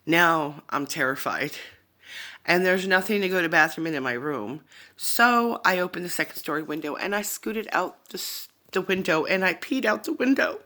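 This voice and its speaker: A woman speaking into her phone, telling a personal story in a halting, rambling way that keeps wandering off into asides. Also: on the low side, lively intonation, pushed and bright. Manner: halting, rambling, often digressing. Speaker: vlogger sharing a personal testimony.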